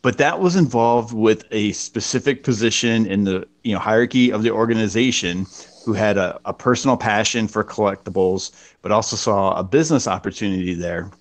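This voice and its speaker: A man co-hosting a casual collectors' podcast, laying out his views in a measured, reasoning way. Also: lowish voice. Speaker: podcast co-host. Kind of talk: casual panel chat.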